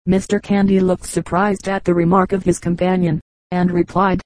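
A woman narrating a classic novel as an audiobook reader, in a measured, even reading. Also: on the low side, dry recording, low-quality recording.

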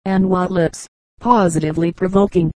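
A woman voicing a conceited young gentleman who simpers and speaks in a slow, affected way. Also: on the low side, fairly even intonation, no echo, natural voice. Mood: simpering.

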